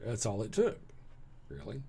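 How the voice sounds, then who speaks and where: A man with a Southern US accent, hosting a casual livestream and answering chat. He sounds tired, talks bluntly and sarcastically, and clears his throat often. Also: on the low side, wildly swooping pitch, moderate pace, mellow, slight background noise. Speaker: livestream host reading chat.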